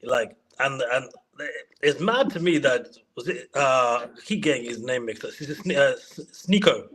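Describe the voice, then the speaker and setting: A man chats as a guest on a football stream in a mid-pitched, slightly husky voice. He sounds relaxed and joking, with frequent restarts. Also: moderate pace, rough recording. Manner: laid-back, joking, restarts often. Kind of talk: casual chat.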